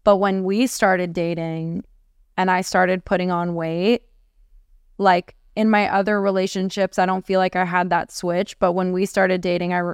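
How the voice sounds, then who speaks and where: A woman's voice: fairly low pitch, clear, resonant tone, no echo, clean studio sound. A woman from Russia co-hosting a podcast in casual chat, chatty and often searching for her words. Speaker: podcast co-host.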